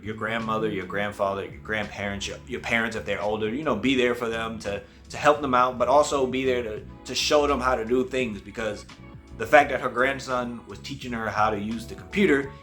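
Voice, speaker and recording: A man hosts a casual movie review in a voice of ordinary pitch. He tells the plot in a relaxed, conversational way and briefly puts on voices for the characters he quotes. Faint music plays underneath. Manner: acts out quoted characters with quick voice changes.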